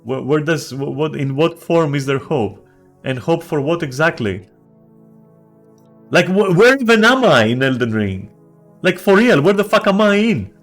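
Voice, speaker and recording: A man's voice: a little high, sing-song, measured pace, fairly bright tone, faint music behind. A man on a game stream, ranting in casual chat, swearing a lot and restarting his sentences.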